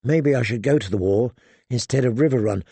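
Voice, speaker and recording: A man narrating a fantasy novel aloud at a measured, even pace. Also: medium pitch, creaky, husky, no room sound. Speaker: audiobook narrator.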